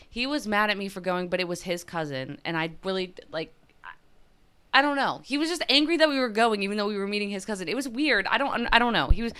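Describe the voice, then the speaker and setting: A woman's voice: mid-range voice, a bit bright, clear, resonant tone, dry recording. A young woman hosting a podcast, telling a personal story in a casual confessional way, full of "like" fillers. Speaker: podcast host.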